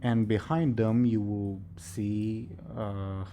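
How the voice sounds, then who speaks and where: Slow, gravelly game master. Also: male voice, on the low side, steady tone, warm tone, a little hiss or hum. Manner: chuckling, trailing off and muttering asides. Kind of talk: running a tabletop game online.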